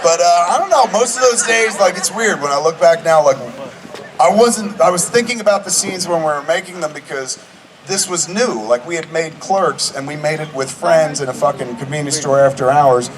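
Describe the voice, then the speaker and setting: Profane rambling storyteller, distant on stage. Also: male voice, a little high, normal speed, a crowd in the background. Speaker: filmmaker guest at a screening Q&A. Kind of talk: casual profane anecdote-telling. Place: screening venue with a live audience. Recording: distant mic with audience noise.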